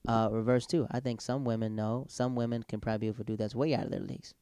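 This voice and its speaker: Brief: lively male storyteller, smooth clear tone, close dry sound. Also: medium pitch, fast talker, no room sound. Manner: animated storyteller, acts out quotes. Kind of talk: casual chat.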